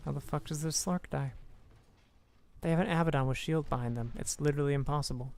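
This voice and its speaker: Young guy casting a game up close to the mic, swears a lot, smooth voice, kinda high. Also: fast. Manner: swearing, excitable, self-mocking. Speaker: game caster. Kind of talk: casual esports commentary. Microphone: close-up microphone.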